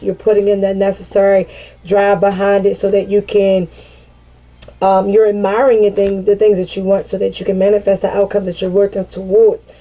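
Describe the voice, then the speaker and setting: A woman giving a casual, animated tarot reading, swearing freely and breaking into sassy asides as she voices the cards. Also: mid-range voice, poor audio. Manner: chatty and animated, swears freely and laughs often. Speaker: tarot card reader.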